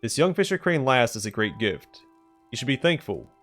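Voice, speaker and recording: A sly, mocking male companion, voiced by a man teases in a slightly lifted voice. Soft game music sits quietly behind him. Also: medium pitch, very animated, moderate pace.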